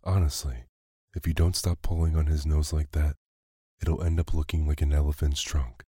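A man's voice: very deep voice, little pitch movement, normal speed, mellow, breathy edge, dry recording, clean studio sound. A man voicing a harried mother scolding her sons in a storybook.

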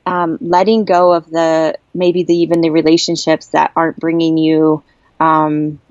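A woman around forty tells a personal story in a candid, heartfelt way. She often stops, restarts and searches for words. Her voice sits fairly low, and the recording is dry, with no room sound, and dull, with a muffled lo-fi tone. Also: monotone, darkish tone, no room sound. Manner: earnest, heartfelt, halting with many restarts. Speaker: interviewee sharing a personal story. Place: at a camp.

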